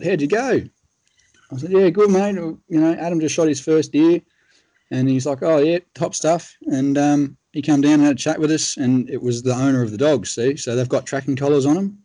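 Australian man, casual rambling storyteller, dry close sound, mid pitch. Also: warm tone, no echo. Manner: laid-back, rambling, frequent fillers. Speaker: guest telling a hunting story.

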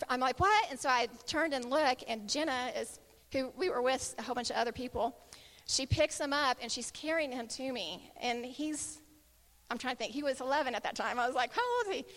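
A middle-aged woman giving a sermon, telling a personal story in an animated way and acting out the voices of the people in it. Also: high voice, a little fast, in a large hall. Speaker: speaker giving a Christian talk.

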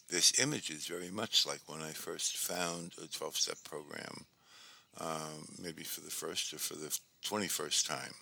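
A man giving a reflective, measured talk on recovery, with pauses and fillers. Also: sits low, gravelly, sharp tone. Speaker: speaker on twelve-step recovery.

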